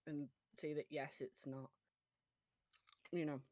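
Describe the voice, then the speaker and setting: A woman playing a tabletop game, relaxed and playful in casual chat. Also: sits low, slow, no echo. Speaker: player.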